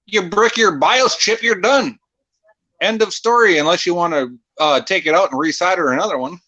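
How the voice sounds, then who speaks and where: A man's voice: high-pitched, moderate pace, sharp tone, no echo. A man hosting a casual live stream, talking crudely and profanely with viewers and co-hosts over voice chat. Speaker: streamer host. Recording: slightly dull lo-fi voice chat.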